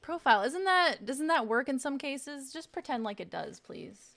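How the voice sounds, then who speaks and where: A woman's voice: high voice, animated, normal speed, fairly bright tone. Playful swearing woman streamer. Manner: playful, swears freely, sounds out words on packaging. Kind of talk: casual live-stream chat.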